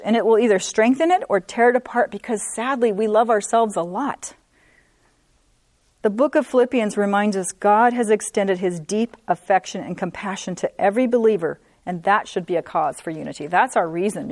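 A woman teaching a women's Bible study, earnest, repeating points for emphasis and reading scripture slowly. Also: mid-range voice, a little mellow, no room sound.

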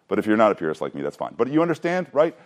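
A man's voice: on the low side, wildly swooping pitch, racing. A man leading a Bible study, teaching casually, asking the group questions and joking as he goes. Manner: conversational, asks the room questions, jokes, restarts.

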